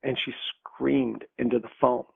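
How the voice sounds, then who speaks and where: A man's voice: mid-range voice, measured pace, gravelly, husky, dry recording. A man in his sixties from upstate New York, a podcast guest telling a personal story with laughs and acted-out dialogue. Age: 60s. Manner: animated storyteller, laughs often, acts out dialogue. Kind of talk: storytelling interview. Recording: dull lo-fi dry sound.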